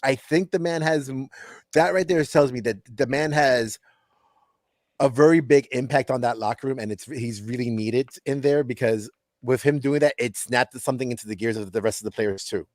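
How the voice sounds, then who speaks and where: A man's voice: medium pitch, normal speed, darkish tone, dry recording, clean studio sound. A man co-hosting a sports podcast, talking loosely and conversationally with lots of "like". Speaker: podcast co-host. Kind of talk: casual sports chat.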